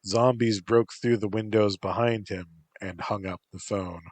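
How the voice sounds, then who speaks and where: Slow, low-voiced deadpan male narrator. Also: dry recording. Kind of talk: first-person story reading.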